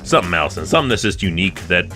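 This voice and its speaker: A man's voice: deep voice, sing-song, racing, sharp tone, soft background music. A man co-hosting a podcast in casual chat, blunt and jokey, swearing often. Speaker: podcast co-host.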